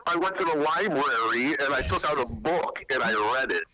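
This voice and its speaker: A man's voice: a little high, expressive, moderate pace, over a noisy crowd, rough recording. Joking, rambling male caller. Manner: joking, rambling, self-mocking. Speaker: caller and cannabis activist. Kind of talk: casual call-in chat.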